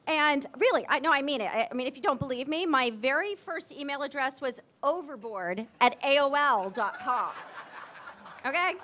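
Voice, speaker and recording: Woman in her 40s, high voice, emotional tribute speech, excited, gushing. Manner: gushing, excited and teary, quick asides. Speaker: tribute speaker at a ceremony.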